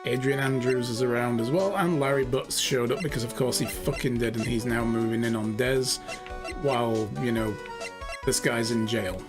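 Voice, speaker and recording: A man's voice: mid-range voice, fairly even intonation, normal speed. A man streaming a video game, chatting casually and joking as he plays, swearing freely. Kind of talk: let's play commentary. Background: video game music.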